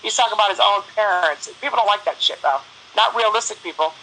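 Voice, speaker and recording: A woman's voice: mid-range voice, quick pace, sharp tone, a little hiss or hum, low-quality recording. A woman, talking bluntly and profanely in a casual phone chat, telling stories with quoted back-and-forth.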